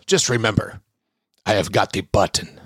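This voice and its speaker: A man's voice: lowish voice, normal speed, a bit bright, slightly rough, no room sound, studio quality, pitched below the performer's own voice. A man voicing a grandiose, paranoid Russian strongman in a mocking put-on Russian accent, making pompous declarations. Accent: mock Russian.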